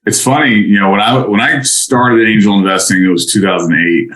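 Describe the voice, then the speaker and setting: Male podcast guest, energetic and talkative, low voice, heard on a video call in an echoey room. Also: a little fast. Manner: energetic, talkative, swears casually. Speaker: podcast guest, tech CEO. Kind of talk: casual podcast chat.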